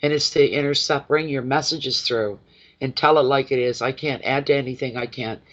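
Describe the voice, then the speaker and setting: A man's voice: medium pitch, normal speed, a bit bright. A man giving a live-stream tarot reading, chatting with viewers by name in an effusive, emotional way. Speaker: tarot reader. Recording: dull lo-fi sound.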